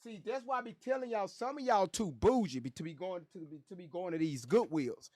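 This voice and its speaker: Loud joking high-voiced man on stream. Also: brisk, no echo, clean studio sound. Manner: loud, joking, animated, repeats phrases. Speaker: livestream host reading chat. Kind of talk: casual livestream chat.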